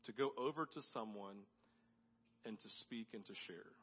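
A man's voice: lowish voice, normal speed, husky. Give me a man preaching in a reverberant church, his voice dull and muffled. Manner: builds to loud emphatic peaks, then drops to soft intimate tones. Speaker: pastor. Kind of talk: sermon. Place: church sanctuary. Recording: dull audio with long hall reverb.

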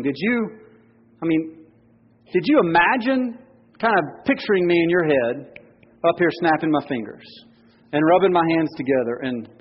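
A pastor delivers a lively sermon in a high, husky voice. His words echo with a long hall reverb, and the recording sounds muffled. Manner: animated, acts out scripture quotes.

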